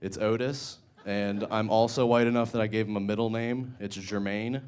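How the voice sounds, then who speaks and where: A man's voice: on the low side, steady tone, normal speed, darkish tone, slight background noise. A young man performing a stand-up set in a comedy club, rambling through self-deprecating stories with crude asides.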